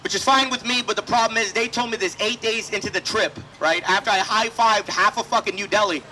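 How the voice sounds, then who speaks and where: A man's voice: high-pitched, steady tone, fairly quick, pushed and bright, a little hiss or hum, rough recording. A man doing a brash, profane stand-up set at an outdoor festival stage, slipping into voices for the people in his stories. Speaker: stand-up comedian.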